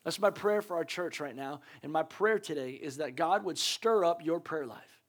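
A man's voice: a little high, normal speed. A man preaching a conversational sermon as a pastor, earnest and urging, repeating his points with joking asides.

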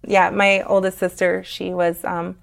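A young woman talking as a guest, telling a personal story frankly, with halting pauses and many fillers. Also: fairly low pitch, flat delivery, gravelly.

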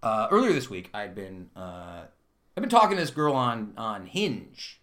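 A man's voice: fairly low pitch, very animated, measured pace, fairly bright tone. A young man co-hosting a casual podcast, telling self-mocking stories and laughing as he goes. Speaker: podcast co-host. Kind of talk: casual chat.

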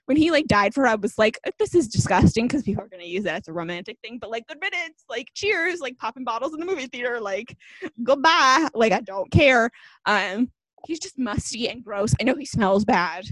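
Young woman, podcast co-host, heated casual rant, higher voice, dry close sound. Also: animated, fairly quick, a bit bright, no room sound, rough recording. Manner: fired-up, ranting, heavy use of "like".

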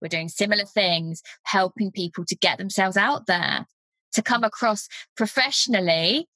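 A woman's voice: mid-range voice, moderate pace, pushed and bright, no echo. A woman hosting a podcast interview, affirming and enthusiastic toward her guest. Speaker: podcast host.

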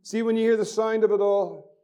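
A man's voice: high voice, steady tone, brisk, warm tone, clean tone. A man preaching a fervent sermon as pastor, repeating phrases and reading scripture aloud.

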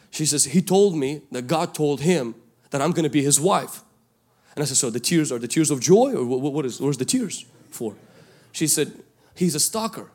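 A male pastor, preaching a sermon and telling a story from his youth, swinging between loud calls and hushed asides. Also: on the high side, breathy edge. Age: 20s at the time of the story, now older.

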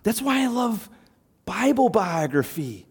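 A man preaching a sermon, animated and emphatic, throwing out rhetorical questions. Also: high-pitched, measured pace, breathy edge.

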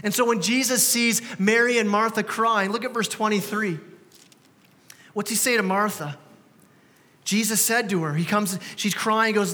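A man's voice: high voice, moderate pace, pauses often, bright, forceful tone. A man preaching a sermon as pastor, conversational and emphatic, often repeating words. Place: church. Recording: reverberant church hall.

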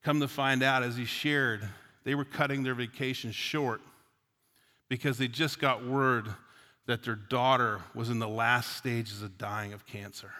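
A middle-aged male pastor from Newfoundland, Canada, preaches a sermon earnestly in a church sanctuary, weaving in personal stories. His voice is medium-pitched, steady, unhurried and sharp, and the recording carries a long hall reverb.

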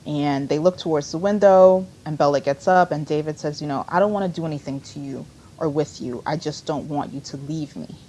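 A woman's voice: low voice, brisk, hardly any pauses, warm tone. A woman co-hosting a podcast, casually recapping a TV episode in a rambling, conversational way with lots of fillers.

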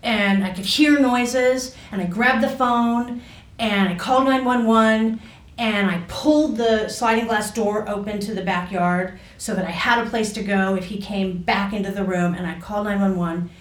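A woman telling a personal story in a halting way, full of fillers and restarts. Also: medium pitch, fairly even intonation, far from the mic. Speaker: guest recounting a personal experience. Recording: echoey room, voice off mic.

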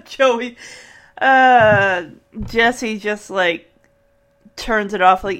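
A woman's voice: medium pitch, lively intonation, very slow, pauses often, a bit bright. A woman hosting a podcast, recapping a sitcom episode in a chatty way and acting out the characters' lines. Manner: chatty, acts out quoted lines with laughs. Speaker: podcast host.

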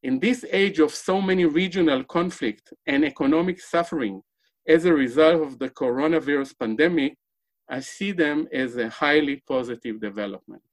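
Higher-pitched man giving a panel talk. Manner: measured, with frequent pauses and fillers. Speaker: panel speaker.

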